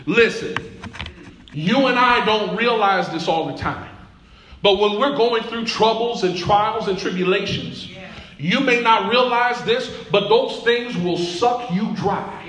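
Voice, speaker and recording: A pastor preaching a sermon in a church, building through repeated phrases and calls to the congregation. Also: male voice, high voice, a little slow, fairly bright tone. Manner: preaching with rising call-and-response. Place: church sanctuary. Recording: echoey church room.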